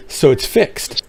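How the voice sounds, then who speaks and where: A man streaming a mech game, chatting casually and playfully with teammates. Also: a little hiss or hum. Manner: playful, hums and scats while waiting. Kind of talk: casual gaming chat with teammates.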